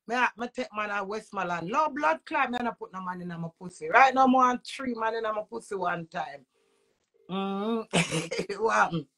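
A woman's voice: a little high, fairly bright tone. A woman with a Jamaican accent, a vlogger delivering an agitated, repetitive emotional rant full of swearing.

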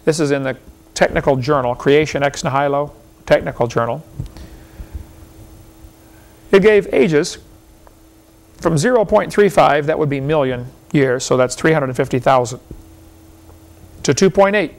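A man's voice: fairly high pitch, unhurried, pauses often. A man giving a seminar lecture to a live audience in a folksy, argumentative way, firing off rhetorical questions and chuckling often.

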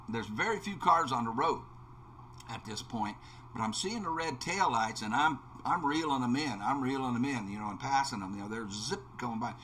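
A man's voice: mid-range voice, a bit bright, slight background noise. Rambling man telling a road story. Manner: rambling storyteller with many restarts and fillers. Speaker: let's play host. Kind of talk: casual anecdote told while gaming.

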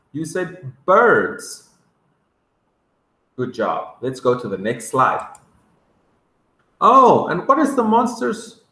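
A man teaching English words to young children, sounding them out slowly and coaxing them to repeat after him. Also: on the high side, bright, forceful tone. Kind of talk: vocabulary lesson for kindergarteners. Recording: echoey room.

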